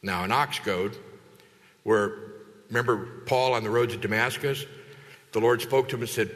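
A man preaching a sermon as a pastor, lively and conversational, acting out quoted voices with big jumps in pitch. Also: moderate pace. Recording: long hall reverb.

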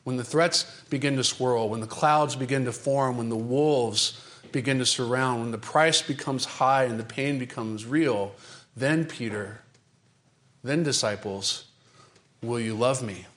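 A man preaching from the pulpit in a dramatic, emphatic style, building through repeated phrases. His delivery swings between driving, quickened bursts and slow, weighty stretches. He addresses the congregation with pointed rhetorical questions. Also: medium pitch. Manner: dramatic, emphatic delivery with repetition and sudden shifts in pace and loudness. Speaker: pastor. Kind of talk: sermon.

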